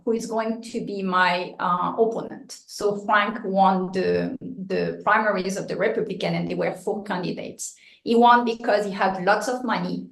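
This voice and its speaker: A woman's voice: medium pitch, gravelly. A woman running for local office, giving an impassioned, joking and blunt campaign speech at a meeting. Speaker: political candidate. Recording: echoey meeting room.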